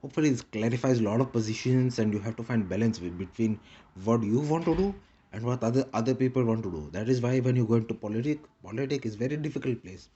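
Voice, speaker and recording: A man's voice: medium pitch, fast talker, dark tone, slightly rough, highs cut off. A man rambling in a casual monologue with a put-on Indian English accent, repeating short clipped broken-English phrases. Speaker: vlogger.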